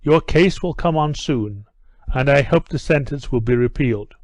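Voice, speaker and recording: A man reading aloud who voices an earnest, steady gentleman in his own voice. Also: medium pitch, normal speed, no room sound, lightly acted. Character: earnest gentleman, troubled, determined.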